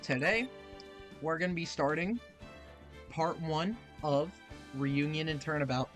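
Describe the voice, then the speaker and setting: A man's voice: on the high side, unhurried, a bit bright. A man giving casual, chatty game commentary. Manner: casual, chatty, reacting aloud. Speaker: gaming YouTuber. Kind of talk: playthrough commentary. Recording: game music playing underneath.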